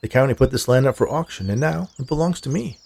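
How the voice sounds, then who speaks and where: A man voicing a charming stranger who speaks in a calm, reasonable, disarming way. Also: mid-range voice, fast talker, vocal fry, husky, pitched above the performer's own voice. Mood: calm persuasive.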